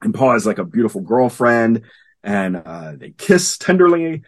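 A man co-hosting a casual podcast, retelling a comic story with animated flair and acting out characters' lines. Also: mid-range voice, moderate pace, breathy edge. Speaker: podcast co-host. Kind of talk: casual comic book discussion.

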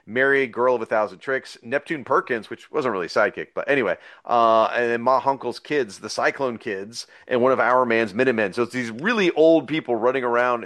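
A man's voice: medium pitch, a bit bright. Chatty man hosting a comics podcast. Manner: rambling, enthusiastic, with many fillers and restarts. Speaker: podcast host. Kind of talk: casual podcast chat.

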